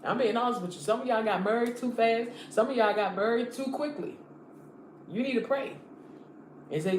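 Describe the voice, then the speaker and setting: This online preacher is a woman delivering a live-streamed motivational sermon at a fairly quick clip, her voice a little high and animated. She talks straight to viewers, fervent and given to repeating herself. Echo fills the room, and faint hiss lingers underneath.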